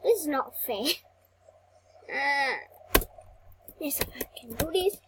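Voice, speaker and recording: A young girl giving excitable, easily frustrated commentary while playing an online race game, cheering herself on between outbursts. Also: sits high, takes it slowly, background noise. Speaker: gaming channel host. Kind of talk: gameplay commentary.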